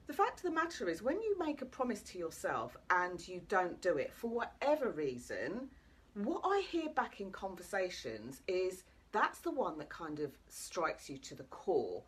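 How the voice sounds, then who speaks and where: Lively, husky woman coach. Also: lowish voice, moderate pace. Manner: chatty, cheeky, addresses viewers directly. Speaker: life coach. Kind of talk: live motivational talk to viewers. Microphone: camera.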